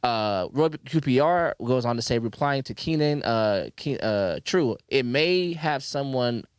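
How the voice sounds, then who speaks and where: A man's voice: mid-range voice, expressive, measured pace, clean tone, no room sound. Man, podcast host, casual chat, stammering restarts, dry close sound. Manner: stammering restarts, laughs easily. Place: podcast studio.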